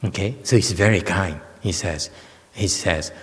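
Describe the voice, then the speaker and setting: A man, a Buddhist monk giving a slow, joking dharma lecture with many fillers and teasing asides. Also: low voice. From United States. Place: temple lecture hall. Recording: long hall reverb.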